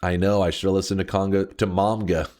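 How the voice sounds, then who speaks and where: A man streaming a game, talking casually in an animated, mock-dramatic way and swearing often. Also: deep voice, brisk. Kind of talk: casual livestream commentary.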